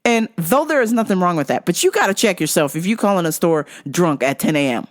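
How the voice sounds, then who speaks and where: Sarcastic lady host cussing thru her customer stories, super animated pitch. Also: fast talker. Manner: blunt, sarcastic, swears constantly. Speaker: podcast host. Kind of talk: profane comedic storytelling.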